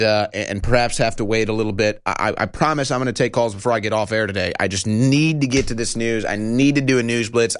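A man's voice: fairly low pitch, smooth. A man hosting a talk radio show, delivering an emphatic, indignant monologue and repeating his phrases for effect.

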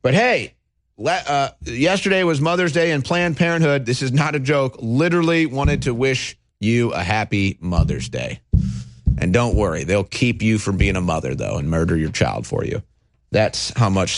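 A man's voice: medium pitch, expressive, normal speed, no echo. Guy ranting on his talk show, trips over his words, sarcastic, dry close sound. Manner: ranting, with stammering restarts and sarcasm. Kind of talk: heated political talk commentary.

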